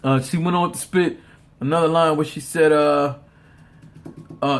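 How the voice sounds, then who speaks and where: A man with a voice pitched a touch above the usual talks through a battle rap in a loose, profane, off-the-cuff way. He stumbles over repeated words and laughs often as he gives his opinion. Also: steady tone, a little slow. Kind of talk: casual opinion commentary.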